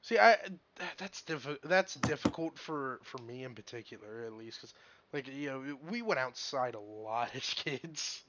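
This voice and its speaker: A podcast co-host in casual chat, animated and mock-indignant, swearing freely. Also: mid-range voice, measured pace, muffled recording, slight background noise.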